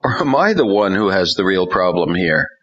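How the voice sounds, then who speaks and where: A man's voice: deep voice, big pitch swings, moderate pace, a bit bright, husky, muffled recording, exaggerated voice. A man voicing an earnest young male pastor under strain, talking anxiously and defensively.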